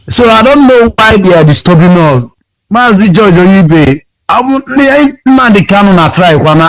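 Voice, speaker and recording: A Nigerian man calling in to a radio show, complaining in an aggrieved, repetitive, pleading way over a phone line. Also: fairly high pitch. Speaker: caller.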